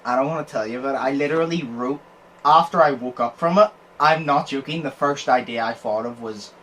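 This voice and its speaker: A young man chats casually on his podcast, spinning an everyday story. He swears freely and keeps laughing between lines. His voice sits at an ordinary middle pitch, with faint noise behind him. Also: fairly quick, a bit bright. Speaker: podcast host. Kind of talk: casual chat.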